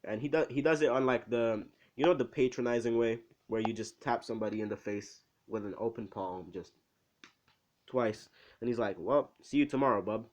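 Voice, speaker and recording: A man casually retelling a fan-made story in a rambling, animated way. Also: medium pitch, moderate pace.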